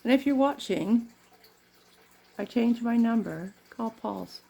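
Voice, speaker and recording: A woman's voice: fairly high pitch, lively intonation, slow pace, gravelly, mellow, husky. A middle-aged woman from Canada chatting in a rambling way while doing her makeup, laughing often. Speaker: makeup vlogger.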